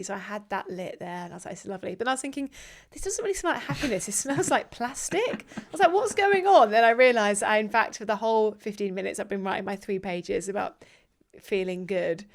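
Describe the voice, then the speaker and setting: A woman hosting a podcast, chatting casually, jokey and quick to swear. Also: medium pitch, animated. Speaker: podcast host, editor. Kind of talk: casual chat.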